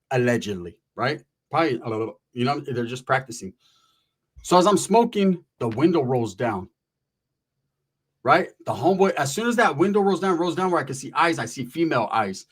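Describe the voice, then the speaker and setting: A husky, slightly high-pitched male voice moves at a brisk clip as a man from Northern California shares a wild story about himself. His speech is casual and profane street slang laced with Spanish words. He animatedly acts out each person in the story.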